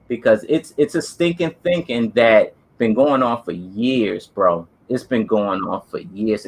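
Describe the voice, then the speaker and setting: A man tells a story in a casual, earnest, emphatic way. His voice is bright and forceful at a middle pitch. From New Jersey. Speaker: co-host, former police officer.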